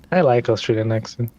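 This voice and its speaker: A man's voice: mid-range voice, darkish tone, lo-fi sound. A man from Brazil chatting eagerly about role-playing games, often repeating words.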